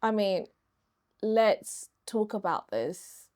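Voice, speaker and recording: A young British woman co-hosting a relaxed pop-culture chat. Her voice sits at an ordinary middle pitch, and she talks in a chatty, thoughtful way, drawing some words out as she makes her points. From United Kingdom. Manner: chatty, reflective, drawn-out words. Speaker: co-host. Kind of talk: casual chat.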